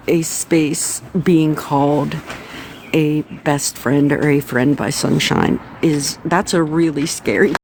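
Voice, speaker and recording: Slow-talking woman ranting on a livestream. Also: low voice, background noise. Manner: repeats phrases, blunt and exasperated, swears. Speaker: livestream host. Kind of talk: casual commentary livestream.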